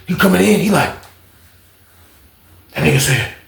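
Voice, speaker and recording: A man telling a prison story to his viewers, animated and profane, talking straight to the audience. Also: a little high, moderate pace, vocal fry. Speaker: storyteller, channel host. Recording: roomy echo.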